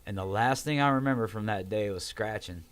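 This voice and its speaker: Low-voiced man telling a story casually. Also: fairly quick. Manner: animated, swearing, acts out quotes in raised voices. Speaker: podcast guest.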